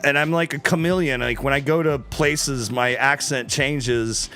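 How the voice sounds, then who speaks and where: A man's voice: mid-range voice, fairly even intonation, a little slow, pushed and bright, soft background music. A man from the American Midwest chatting casually on a stream, laid-back and profane, telling stories with laughs. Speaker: co-host. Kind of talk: casual chat.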